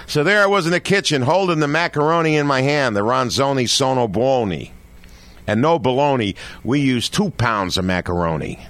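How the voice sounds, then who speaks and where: An older man telling a comic monologue from his childhood, chatty and animated, speaking straight to his audience. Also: medium pitch, moderate pace, no echo. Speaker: storyteller.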